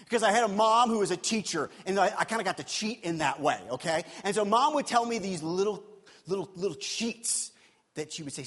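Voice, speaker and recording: A pastor with a high, light voice preaches to his congregation in a chatty, conversational manner. He keeps asking questions of the room. His voice rings out with a long tail of reverb through the large church hall. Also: expressive, a little fast, fairly bright tone. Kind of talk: sermon.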